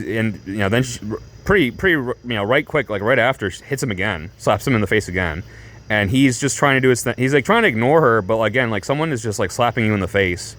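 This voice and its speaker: A man of medium pitch tells a story to camera in a loose, rambling vlog style. He leans hard on fillers and restarts and stays animated throughout. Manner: animated, breaks into laughs. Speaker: vlogger.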